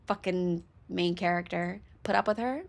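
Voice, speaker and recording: A woman's voice: lowish voice, moderate pace, gravelly. A young woman streaming a game, chatting casually with laughter and profanity, self-mocking.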